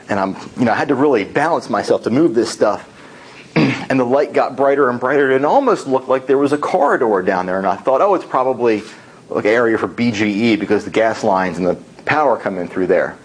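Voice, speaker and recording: Husky man telling a tall tale. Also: mid-range voice, low-quality recording. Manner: animated storytelling. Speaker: speaker at a speaking club.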